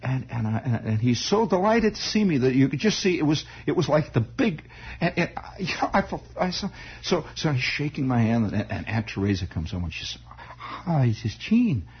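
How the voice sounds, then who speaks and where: A man telling a personal story in a halting, rambling way, full of restarts and asides. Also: mid-range voice, sing-song, a little hiss or hum. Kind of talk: spoken storytelling monologue. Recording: dull lo-fi old recording.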